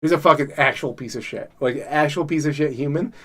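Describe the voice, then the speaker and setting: A man's voice: on the high side, a little fast, a bit bright. A man co-hosting a podcast in casual chat, rambling and swearing constantly with enthusiasm. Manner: rambling, heavily profane, enthusiastic. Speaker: podcast co-host.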